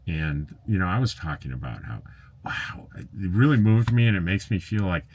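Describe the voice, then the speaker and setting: A man with a somewhat low voice chats casually to camera, reading out viewer comments. He rambles, breaks off mid-thought and chuckles at his own asides. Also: sing-song, moderate pace, darkish tone. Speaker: RV travel vlogger. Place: RV camp in the desert.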